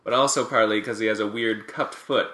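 Man, comedy co-host, dry deadpan delivery, lowish voice, echoey room. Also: fairly quick. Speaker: podcast co-host. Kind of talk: casual comedy chat.

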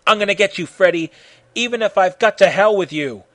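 A man voicing a young male martial-arts hero who shouts his lines in vengeful fury. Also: a little high, animated, brisk, breathy edge, no room sound. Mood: furious. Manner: shouting battle cries.

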